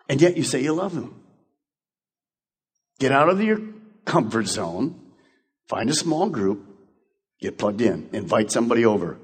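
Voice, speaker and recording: A man's voice: mid-range voice, husky. A male pastor preaching a sermon in a church, urging and repeating key phrases. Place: church sanctuary. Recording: long hall reverb.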